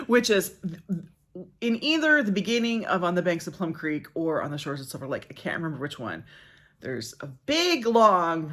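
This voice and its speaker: A woman's voice: lowish voice, fairly bright tone. A middle-aged woman chatting casually in a book vlog, rambling and interrupting herself, laughing at her own stories. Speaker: book vlogger. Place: backyard outdoors.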